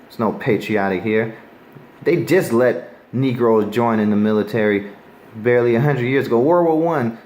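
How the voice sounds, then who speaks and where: A man's voice: mid-range voice, a little mellow, low-quality recording. A man giving a scripture teaching sermon, reading verses aloud and pressing his points with emphatic rhetorical questions. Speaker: Bible teacher.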